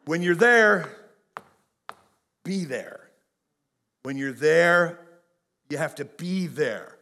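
A middle-aged man preaching a folksy, animated sermon and speaking straight to his congregation. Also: a little high, drawn-out words. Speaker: pastor.

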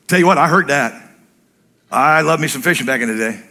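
A male pastor preaching a sermon in church, blunt and joking, an animated storyteller who acts out other people's voices. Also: on the high side, moderate pace, gravelly, long pauses.

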